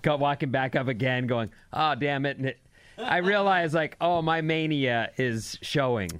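A man's voice: mid-range voice, animated, normal speed, a bit bright, clean tone, no room sound. A man co-hosting a show in casual chat, with wry, self-deprecating banter.

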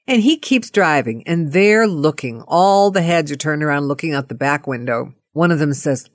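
A middle-aged woman telling a personal anecdote in a playful, animated way. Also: low voice, moderate pace, few pauses, dry recording, studio quality. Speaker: storyteller.

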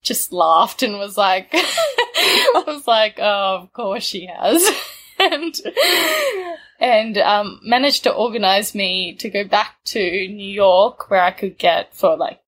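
A woman's voice: medium pitch, very animated, slow, fairly bright tone. Laid-back Australian woman telling a story. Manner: laid-back, laughs often, says "like" a lot. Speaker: guest telling a travel story. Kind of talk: casual storytelling.

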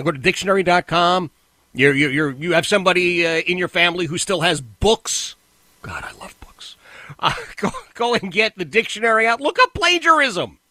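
A man hosting a talk radio show, delivering an indignant monologue. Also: dry recording. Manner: animated, indignant, pitch jumps when worked up.

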